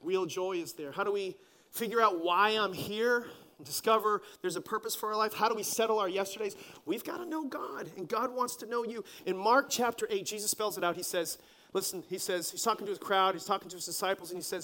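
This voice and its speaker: High-pitched guy preaching, lively and jokey, acts stuff out. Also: brisk. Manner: animated, joking storyteller who acts out scenes. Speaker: pastor. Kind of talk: sermon.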